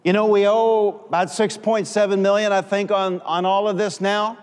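High-voiced preaching man in a reverberant hall. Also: little pitch movement, normal speed, few pauses, clear, resonant tone. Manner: call-and-response, rising to shouts. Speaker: pastor. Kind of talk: preaching a sermon. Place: church sanctuary.

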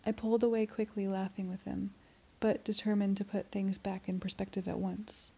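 A woman reads a novel aloud in the first person, keeping her delivery soft and even. Her lines sometimes sink almost to a whisper. Her voice is mellow, gravelly and a little husky. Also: medium pitch, moderate pace. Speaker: audiobook reader. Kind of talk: amateur first-person audiobook narration.

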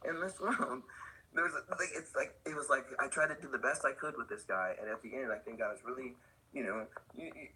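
This older guest, owner of a skateboard company, speaks a little fast in a medium-pitched voice with a sharp, slightly rough tone. His stories wander loosely, packed with fillers, in casual podcast conversation captured on a rough recording.

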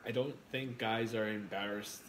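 A man's voice: fairly low pitch, steady tone, normal speed, noisy background. A young man hosting a casual live stream, eating while he reads out viewer comments and answers them in a chatty, blunt way. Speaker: livestream host.

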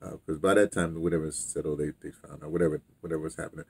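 A man's voice: rumbling low, fairly even intonation, racing, vocal fry, warm tone, husky. A man casually telling a rambling story, drifting off on side tracks. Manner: loose, digressive, heavy on fillers and restarts.

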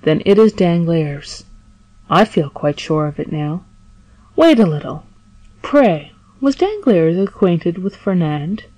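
Storybook old priest, woman reader: calm, probing, lowish voice, dry and close. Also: no room sound, rough recording. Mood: thoughtful. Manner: measured, probing questions. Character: wise elderly male prisoner priest, calm and shrewd.

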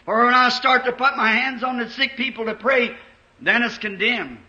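Delivered at a moderate pace, this sermon features a man whose very high, piercing, bright voice shifts between hushed storytelling and impassioned shouts. It sounds like an old church recording: dull, lo-fi and echoing in the room.

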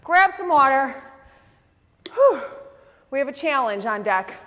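Breathless, slightly hoarse female fitness coach; slow, lively delivery with big pitch swings. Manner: counting reps aloud between breathless whews. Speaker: fitness instructor. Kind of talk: leading a workout class. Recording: long reverb in a big room.

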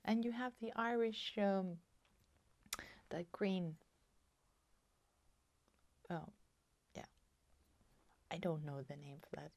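Slow, gravelly-voiced woman chatting softly. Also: lowish voice, lively intonation, no room sound, highs cut off. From Sweden. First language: Swedish. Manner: slow, soft-spoken, delighted. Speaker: crafting vlogger. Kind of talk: casual chat, opening a parcel.

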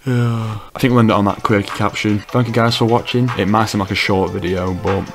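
A man's voice: on the low side, fairly even intonation, a little fast, music in the background. A man giving casual comedic commentary as a YouTuber, with wry, teasing remarks.

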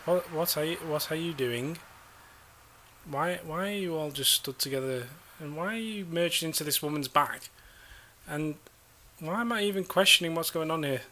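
A man's voice: fairly high pitch, normal speed, sharp tone, a little hiss or hum. A man giving sarcastic, exasperated commentary while playing a game, swearing now and then. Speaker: gamer.

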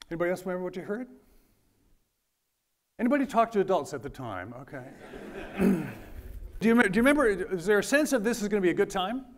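A man's voice: high voice, very animated, fast, pauses often. A middle-aged man giving a conversational, jokey lecture, often quizzing his audience. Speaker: university lecturer.

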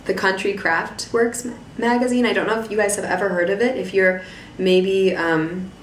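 A woman hosting a podcast, chatting casually in a hoarse voice, rambling with many fillers and restarts. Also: on the low side. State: hoarse from losing her voice. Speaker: podcast host. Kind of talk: casual chat. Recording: echoey room, voice a bit distant, faint noise.

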